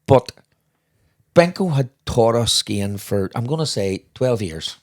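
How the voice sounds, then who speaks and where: A man's voice: medium pitch, animated, slow. An older man, co-hosting a podcast and telling rambling anecdotes with frequent laughter and restarts. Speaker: podcast co-host. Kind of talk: casual storytelling chat.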